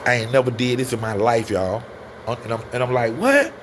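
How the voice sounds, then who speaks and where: A man telling a personal story in a casual, animated way, often turning to his listeners. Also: medium pitch, a little fast, noisy background. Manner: animated, addresses listeners as y'all. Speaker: storyteller guest.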